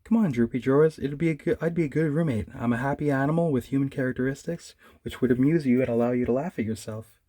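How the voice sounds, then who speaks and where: A man's voice: mid-range voice, mellow, no echo, close to an everyday voice. A man voicing a happy, pushy male bear poet in a bikini, speaking chirpily and wheedling. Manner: chirpy and wheedling, poems read slowly.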